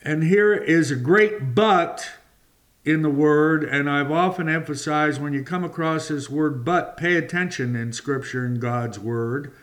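A man preaching a sermon, reading and explaining scripture slowly and deliberately, drawing out key words. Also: a little high, fairly bright tone.

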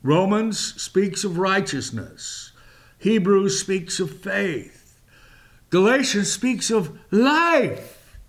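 A man hosting a Bible teaching show, speaking in a measured, emphatic way with long pauses and fillers. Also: sits high, very animated. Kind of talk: slow, deliberate Bible teaching.

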